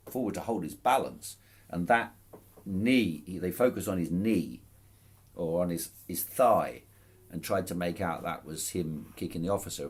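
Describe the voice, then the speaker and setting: A man's voice: low voice, breathy edge. A man casually recounting events to camera, amused and chuckling, with frequent restarts and false starts. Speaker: protester recounting a court case. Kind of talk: casual spoken account to camera.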